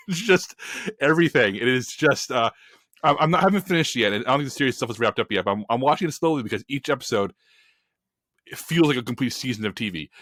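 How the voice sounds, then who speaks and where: A man on a film podcast panel, ranting in an animated, emphatic and opinionated way in casual chat. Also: mid-range voice, fast, dry recording, clean studio sound.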